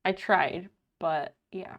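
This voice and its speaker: A woman's voice: fairly low pitch, steady tone, slow pace, muffled recording. A woman livestreamer chatting casually at home, thanking viewers by name while sewing.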